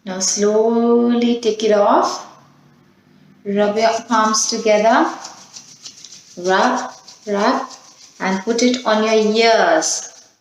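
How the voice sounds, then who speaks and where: A woman teaching young children, gently coaxing them through a calming exercise and a storybook reading while asking them questions. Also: on the high side, very slow, pauses often, slight background noise. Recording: very echoey room.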